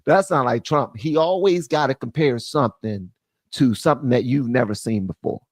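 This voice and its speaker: A man's voice: mid-range voice, normal speed, no room sound. A man hosting a live-stream commentary, reading quotes aloud and riffing on them in loose slang. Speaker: commentary channel host.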